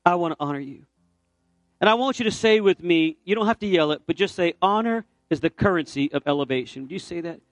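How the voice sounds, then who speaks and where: Storytelling preacher with a fairly high voice. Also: male voice, quick pace, few pauses, dry recording. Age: middle-aged. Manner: storytelling, building to fervent exhortation. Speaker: pastor. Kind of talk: sermon with altar call. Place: church sanctuary.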